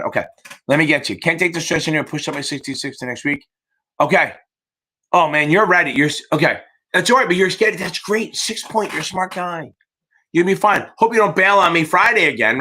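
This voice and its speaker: A man's voice: a little high, sharp tone, a little hiss or hum. A man hosting a live exam-prep Q&A stream, talking in a rambling, profane, cheerleading way. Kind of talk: livestream Q&A chat.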